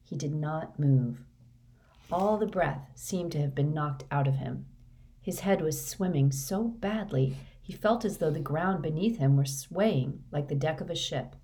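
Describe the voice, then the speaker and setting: Deep-voiced female audiobook narrator, measured, even read. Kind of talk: scripted narration.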